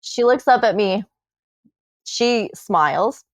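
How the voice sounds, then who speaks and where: A woman on a podcast telling her own story in casual chat, animated and swearing, acting out what people said. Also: medium pitch, takes it slowly, no echo. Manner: animated, swearing, acts out quotes.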